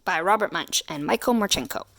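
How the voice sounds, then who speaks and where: A woman reading a children's picture book aloud in an expressive, animated way. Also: fairly low pitch, fairly quick, gravelly. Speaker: children's story reader. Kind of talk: storybook read-aloud.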